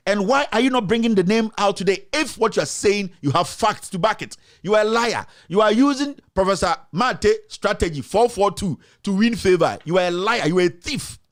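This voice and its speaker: A man's voice: sits high, animated, moderate pace. A man hosting a commentary show, mocking and mixing English with Twi. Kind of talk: live commentary.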